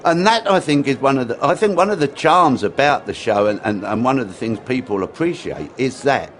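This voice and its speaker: A man's voice: mid-range voice, a little fast. A man, a guest telling anecdotes and acting out quotes. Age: 60s. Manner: animated, acts out quotes, repeats words. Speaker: interview guest, former dance teacher. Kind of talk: anecdotal storytelling in an interview.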